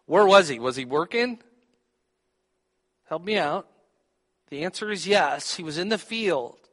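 Slow-speaking preacher man in a reverberant hall. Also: high-pitched, animated, a bit bright. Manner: teaching, asks the audience questions. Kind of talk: sermon.

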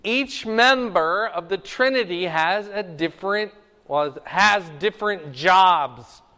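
A man's voice: high-pitched, slow, pushed and bright. Man teaching a Bible class in a hall. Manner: checks in often with the class.

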